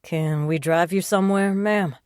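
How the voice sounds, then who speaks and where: A woman narrator voicing a polite, soft-spoken Southern shifter man in an audiobook. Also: on the low side, a little slow, clear, resonant tone, no room sound, clean studio sound, natural voice. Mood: courteous. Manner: bashful, courteous. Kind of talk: audiobook character voice.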